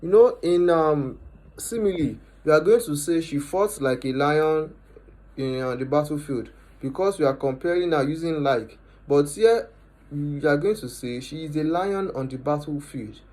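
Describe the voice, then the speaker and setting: A man, teaching a lesson and repeating each definition and example slowly for emphasis. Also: fairly high pitch, lively intonation, warm tone, low-quality recording. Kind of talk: explanatory lesson.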